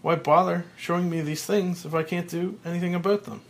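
A man voicing a panicked middle-aged male TV executive who talks frantically and shouts. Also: animated, moderate pace, creaky, a little hiss or hum. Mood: panicked disbelief. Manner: frantic, shouting, high-strung.

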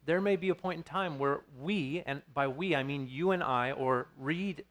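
A man's voice: fairly high pitch, moderate pace, a bit bright. A man in his thirties preaching a sermon as pastor, earnest and storytelling, with frequent restarts.

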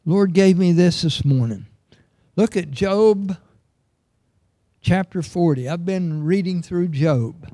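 A man's voice: sits high, slow pace, long pauses, mellow, no echo, clean studio sound. A middle-aged man preaching a sermon, earnest and emphatic, reading scripture aloud.

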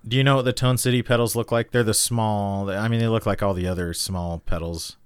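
Male podcast co-host, low-ish voice, dry close mic, playful banter. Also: fairly even intonation, clean tone, dry recording. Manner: joking, quick banter. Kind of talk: casual chat.

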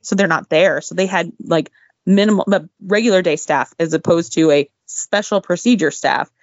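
A woman's voice: fairly low pitch, moderate pace, dry recording, muffled recording. A woman telling a work story in a casual, chatty way, full of fillers and asides. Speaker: former zoo worker recounting a story.

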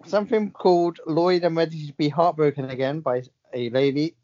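Man, teasing, dry, slightly high voice, dull audio. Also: fairly even intonation, fairly quick, warm tone. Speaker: podcast co-host. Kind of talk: casual chat.

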